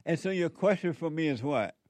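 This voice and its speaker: A man's voice: on the high side, expressive, fairly quick, darkish tone, no room sound. A man hosting a call-in radio show, giving spiritual advice in a drawling, preachy way with frequent chuckles.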